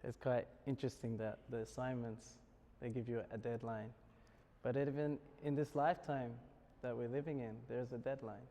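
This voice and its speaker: A man's voice: mid-range voice, fairly even intonation, normal speed, warm tone. Joking Australian man in echoing hall. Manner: joking, chuckles often. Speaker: spiritual speaker. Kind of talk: lecture to students. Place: university lecture hall. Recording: long hall reverb.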